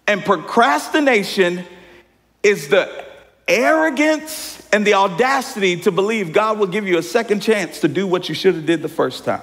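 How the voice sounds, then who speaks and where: A man in his thirties preaching a lively sermon as pastor, often calling the congregation y'all. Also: high voice, moderate pace. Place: church sanctuary. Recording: hall reverb from church sanctuary.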